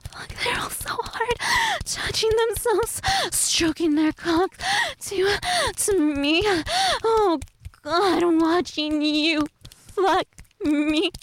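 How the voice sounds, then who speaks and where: Woman, erotic role-play, breathy moans, whispers to cries, high voice, wide melody. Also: slight background noise. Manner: breathy and moaning, swinging between whispers and cries. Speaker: erotic audio performer.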